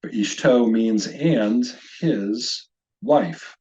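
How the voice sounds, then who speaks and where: Middle-aged guy teaching a hebrew lesson, slow careful syllable drills, kinda dull lo-fi sound. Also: fairly low pitch, darkish tone. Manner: slow, deliberate pronunciation drills. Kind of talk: online language lesson. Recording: slightly dull lo-fi audio.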